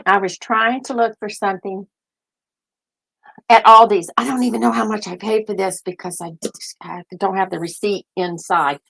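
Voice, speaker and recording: Older woman, gravelly voice, rambling casual chat, thinks out loud, host. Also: medium pitch, steady tone, moderate pace. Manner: rambling, thinks aloud, chatty. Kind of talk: casual live-stream chat.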